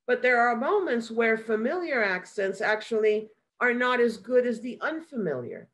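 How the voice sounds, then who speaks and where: Woman giving a measured academic lecture. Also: fairly high pitch, big pitch swings, fairly bright tone, rough recording. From United States. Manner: measured, explanatory. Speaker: guest lecturer.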